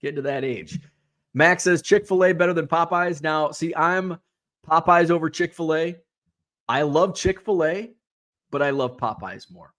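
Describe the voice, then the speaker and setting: A middle-aged man hosts a relaxed live stream in a fairly high voice. He reads out viewer comments and chats back in an easy, animated way. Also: moderate pace. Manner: chatty, animated, reads comments aloud and reacts. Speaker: host.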